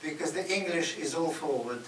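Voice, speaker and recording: Animated man in a roomy hall. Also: fairly high pitch, normal speed, distant mic. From Russia. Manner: animated, laughs often, acts out Russian voices loudly. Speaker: guest speaker. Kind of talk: public talk answering audience questions. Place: university lecture hall. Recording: roomy hall recorded from afar with noise.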